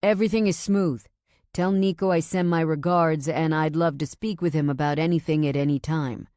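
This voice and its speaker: A woman's voice: low voice, steady tone, moderate pace, dark tone, no room sound, studio quality, natural voice. A woman voicing a leering gang crew man who talks in a smug, sneering way.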